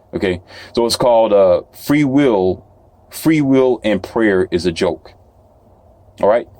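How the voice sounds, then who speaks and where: A man's voice: on the low side, darkish tone. A man delivering a rambling, preachy solo monologue, sometimes mocking imagined doubters in a raised voice. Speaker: self-published author and talk host. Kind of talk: casual monologue.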